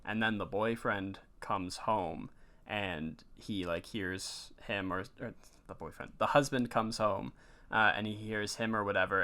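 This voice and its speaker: A man's voice: fairly low pitch, bright, forceful tone. A man co-hosting a podcast, casually recapping a movie plot with lots of fillers. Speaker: podcast co-host. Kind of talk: casual movie review chat.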